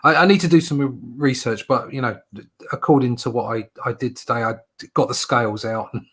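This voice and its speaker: A man's voice: medium pitch, a little fast, a bit bright, slightly rough. A British man hosting a casual chat, rambling with many fillers and restarts. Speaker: host.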